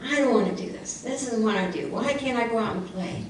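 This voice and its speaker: A woman's voice: fairly high pitch, a little fast, a little hiss or hum, voice pushed up, natural voice. A sulky schoolgirl who whines about every chore, as a woman puts her on while telling a story. The voice is set far back from the mic and rings through a very echoey room. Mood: whiny. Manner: whiny griping. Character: grumpy complaining schoolgirl. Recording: echoey church hall from far off.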